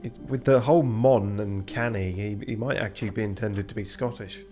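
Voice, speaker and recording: A man's voice: fairly low pitch, fairly even intonation, fairly quick, music in the background. A man streaming a game, making dry, muttered asides with some swearing. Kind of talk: casual let's-play commentary.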